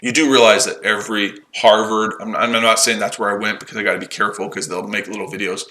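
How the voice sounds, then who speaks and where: A man's voice: lowish voice, steady tone, quick pace, bright, forceful tone, low-quality recording. A man hosting a live trading stream from his shed, firing sarcastic, profane comebacks at viewers in the chat. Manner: combative, sarcastic, swears, mocks the chat. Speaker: day-trading livestream host.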